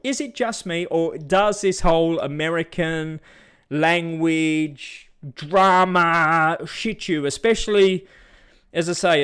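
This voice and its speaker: On his vlog, a middle-aged man from Australia delivers a casual opinion rant on people's reactions to words. He's blunt, imitating others in high, mocking voices, and his tone is fairly bright and clean.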